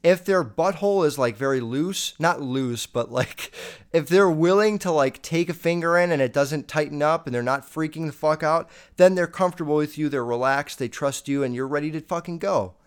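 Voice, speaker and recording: A man's voice: fairly high pitch, moderate pace, clean tone. A young man hosting a podcast, answering listener questions in a crude, rambling way with lots of swearing. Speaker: podcast host.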